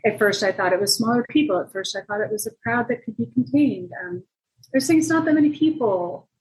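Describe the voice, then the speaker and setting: A journalist guest being interviewed about her reporting tells a story in a lively, conversational manner at a quick pace. She acts out what people said, her pitch jumping up when quoting them, and the audio is poor.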